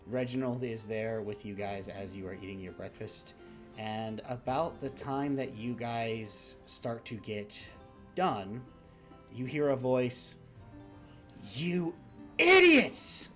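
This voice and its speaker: A man's voice: lowish voice, slow, darkish tone, faint music behind. A man narrating as game master in a tabletop role-playing game, talking casually with fillers.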